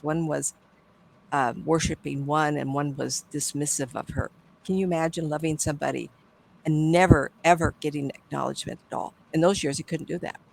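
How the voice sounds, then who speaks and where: Gravelly older woman telling animated stories. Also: low voice, poor audio. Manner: animated, acts out quoted voices, trails off and restarts. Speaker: psychic medium guest. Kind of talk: storytelling in a casual interview.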